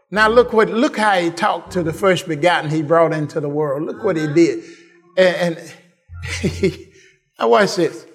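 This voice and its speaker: A man preaching a sermon, repeating phrases and building to shouted praise. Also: sits high, measured pace, soft background music, a faint crowd.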